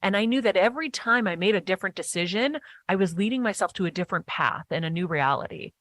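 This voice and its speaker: A woman guest in a casual interview chat, talking eagerly in animated bursts with quick restarts. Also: mid-range voice, dry recording.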